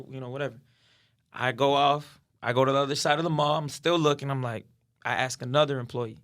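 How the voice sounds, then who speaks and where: A man's voice: mid-range voice, fast, a bit bright. A man as a podcast guest telling a story in casual talk, acting out what others said and swearing freely.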